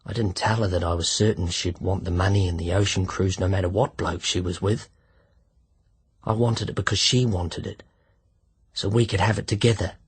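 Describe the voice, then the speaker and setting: Man, audiobook narrator, first-person story, measured, reflective, low voice, crisp. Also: steady tone.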